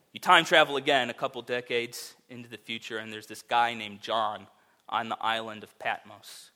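A man preaching a sermon, telling a vivid second-person story that rises to loud, emphatic peaks. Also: mid-range voice. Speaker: pastor.

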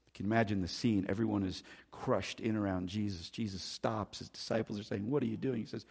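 A male pastor preaches with a husky, breathy edge to his voice. He swings between loud, pressing emphasis and soft, hushed asides, sounding like a sermon from the pulpit. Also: on the low side, brisk, few pauses.

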